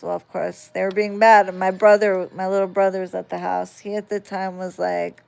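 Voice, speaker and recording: A woman recounting a story to her phone in a loose, casual vlog style, swearing freely and livening up as she retells it. Her voice is smooth and resonant, with a gravelly fry underneath. She takes her time with each line. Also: fairly low pitch, level tone, unhurried, darkish tone. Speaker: vlogger.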